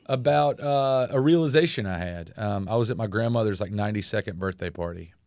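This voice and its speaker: Man, 40s, southern us accent, candid interview guest, fairly low voice, dry close sound. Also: brisk, no echo. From North Carolina, US. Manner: candid, swears freely, animated when telling stories. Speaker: musician guest. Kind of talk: casual interview talk.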